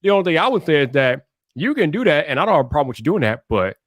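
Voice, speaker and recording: A man's voice: on the high side, very animated, racing, dry recording, studio quality. A man co-hosting a livestream, talking in a laid-back, slangy way to the audience. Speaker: livestream co-host. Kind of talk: casual livestream chat.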